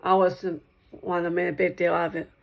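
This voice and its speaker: A woman's voice: lowish voice, flat delivery, quick pace, gravelly, lo-fi sound. A woman talking straight to one listener in a rambling monologue, repeating herself and circling back over the same points.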